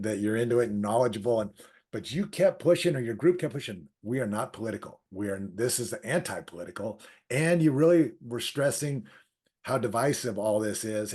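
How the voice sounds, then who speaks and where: A man's voice: fairly low pitch, a little mellow. A man hosting an interview, talking in a rambling, hesitant way with fillers before putting his question. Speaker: interview host. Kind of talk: casual interview talk.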